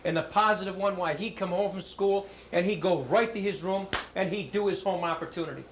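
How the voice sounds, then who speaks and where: Man, motivational speaker, joking storyteller, fairly high voice, echoey school hall. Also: a little fast. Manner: animated, joking, hammy storyteller. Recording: roomy hall with faint background noise.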